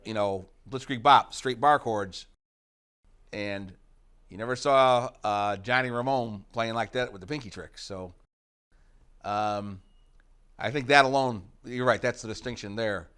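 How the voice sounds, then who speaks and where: A man's voice: lowish voice, unhurried, fairly bright tone, clear, resonant tone. A middle-aged man from the United States, a rock guitarist being interviewed, talking in a rambling way with many fillers and asides. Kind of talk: casual interview reminiscing.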